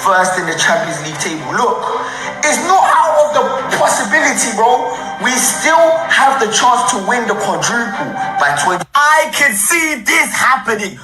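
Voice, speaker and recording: An emphatic, excited voice lists trophy hopes with lively swings. It sits in a very echoey space with music playing behind. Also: mid-range voice. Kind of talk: hyped fan predictions.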